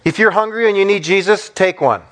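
A man's voice: high-pitched, a little fast, fairly bright tone. A man, a pastor, preaching a sermon with emphatic, repeated declarations that build in intensity.

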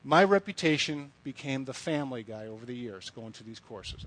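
A man's voice: mid-range voice, lively intonation, normal speed, few pauses, fairly bright tone, no echo, low-quality recording. A middle-aged man giving a sermon, telling stories in a conversational way with blunt asides. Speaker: speaker addressing young women. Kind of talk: sermon with storytelling.

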